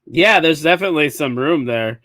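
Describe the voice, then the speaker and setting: A man's voice: fairly high pitch, animated, brisk, a bit bright, dry recording. A man hosting a live comedy podcast, easygoing, reading audience comments aloud and laughing often. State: clearing his throat. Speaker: podcast host. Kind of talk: casual live-show chat.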